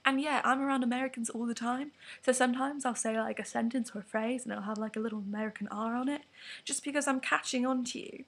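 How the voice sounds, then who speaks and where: A woman's voice: a little high, fairly even intonation, quick pace, fairly bright tone, husky. A teenage girl with an English accent, ranting frankly to camera in a rambling vlog with whispered asides. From England. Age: teens. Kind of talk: candid vlog rant to camera.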